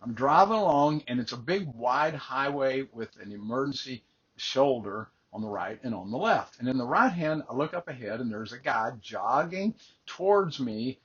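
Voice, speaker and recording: A man's voice: mid-range voice, expressive, normal speed, fairly bright tone, husky, highs cut off. An older man, a life coach, earnestly telling a personal faith story and often repeating words as he starts a phrase.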